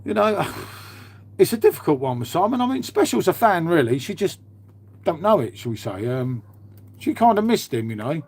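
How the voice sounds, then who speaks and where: A man's voice: fairly high pitch, big pitch swings, normal speed, darkish tone, breathy edge. A man, host of his own livestream, chatting casually and swearing freely. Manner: blokey, swears freely, says "mate" a lot.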